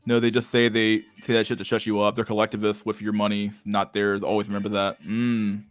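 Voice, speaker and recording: A man's voice: lowish voice, monotone, fairly quick, dry recording, faint music behind. A young man hosting a livestream and reading chat, talking in a crude, slangy, casual way and laughing often.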